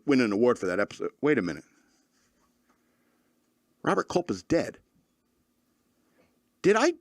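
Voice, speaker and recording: A man's voice: fairly high pitch, dry recording, clean studio sound. A man hosting a comedy radio show, rambling through a monologue with lots of fillers and restarts.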